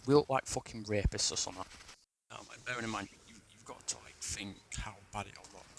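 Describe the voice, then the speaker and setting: A young man with a low, gravelly voice tells a personal story in a loose, rambling way, swearing often and restarting his sentences. A faint hum of background ambience sits under the recording. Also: brisk.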